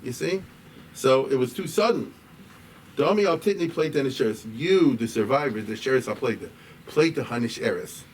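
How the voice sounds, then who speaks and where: A man teaching a class as a rabbi, in a conversational, digressive way that grows animated when he quotes. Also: medium pitch, moderate pace. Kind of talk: informal lecture. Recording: distant mic with faint room noise.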